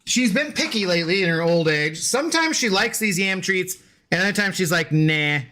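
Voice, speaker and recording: A man's voice: high voice, lively intonation, brisk, bright, forceful tone, a little hiss or hum. A man streaming video games, chatting playfully with his dog and his viewers. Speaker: game streamer. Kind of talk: casual live-stream chat.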